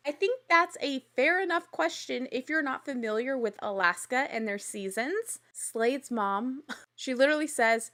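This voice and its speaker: A woman casually recapping a reality show, chatty and animated, with quick asides and laughs. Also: fairly high pitch. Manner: acts out quoted lines in little voices.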